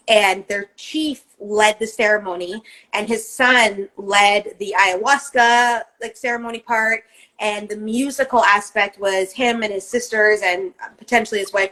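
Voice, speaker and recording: A woman's voice: medium pitch, steady tone, normal speed, pushed and bright, rough recording. A woman co-hosting a podcast in casual chat, telling a long personal story in a rambling, emphatic way and swearing often. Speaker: co-host.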